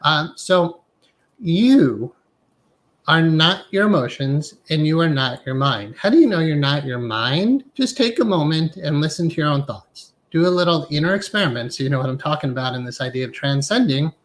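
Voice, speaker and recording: Middle-aged male hypnotherapy teacher, somewhat high voice, reflective, asks "right?" often while guiding listeners. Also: lively intonation, normal speed. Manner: reflective, frequently asks "right?" and uses guided inner exercises. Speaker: hypnotherapy instructor. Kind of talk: live-streamed spiritual lecture.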